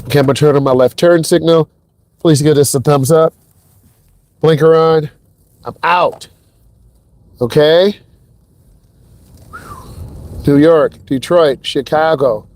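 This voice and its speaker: A man's voice: fairly high pitch, takes it slowly, pauses often, a little mellow. A man working as a driving instructor, giving hyped, talk-to-the-viewer commentary from inside a car while he drives. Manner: hyped, talks straight to viewers. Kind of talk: live driving lesson commentary.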